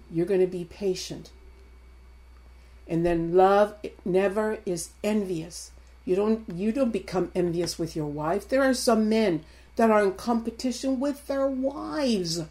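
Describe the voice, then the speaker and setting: A woman's voice: mid-range voice, a little mellow. A woman in her sixties preaching a sermon. She speaks emphatically and repeats her points, calling out directly to the congregation.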